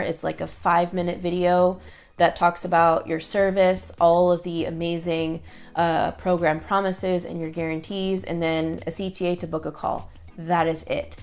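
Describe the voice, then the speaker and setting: Speaking to camera in a casual vlog, this online business creator has a gravelly, fairly low-pitched voice. She's chatty and upbeat, full of fillers and quoted asides.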